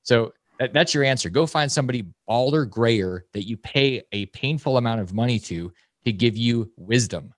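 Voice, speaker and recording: A man in his forties, a podcast guest, talking bluntly and emphatically, jumping into loud mocking quotes. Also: mid-range voice, moderate pace, no room sound. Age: 40s. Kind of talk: fast, blunt podcast talk.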